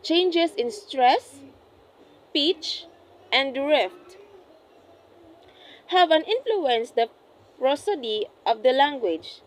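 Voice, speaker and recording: Slow, careful young woman reading a report. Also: sits high, animated, rough recording. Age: young adult. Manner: careful, deliberate reading with frequent self-corrections. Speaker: student presenting an assessment. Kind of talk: reading a class report aloud.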